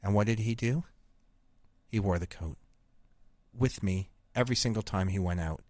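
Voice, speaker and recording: A man hosting a podcast, spinning a crude, rambling tall tale in a deadpan, profane way. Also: lowish voice, normal speed, dry recording. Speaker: podcast host. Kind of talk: crude comedic storytelling.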